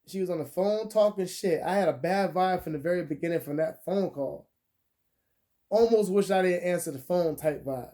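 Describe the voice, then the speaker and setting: A young man ranting through a crude storytime vlog, his voice swinging from loud outbursts down to muttered asides. His tone is mellow and dark, though he sits a little higher than most men. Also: normal speed. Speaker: vlogger. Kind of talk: profane storytime rant.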